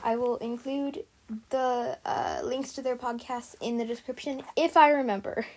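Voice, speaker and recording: A woman's voice: on the high side, animated, normal speed, background noise. A woman hosting her podcast, chatting casually and reading her fan fiction aloud, scattered with stumbles. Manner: chatty, scattered, many fillers and restarts.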